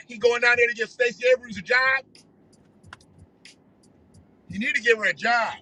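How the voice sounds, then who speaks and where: A man's voice: very high voice, bright, forceful tone, poor audio. A man ranting profanely on a livestream while driving his car. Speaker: livestream host. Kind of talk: casual ranting monologue.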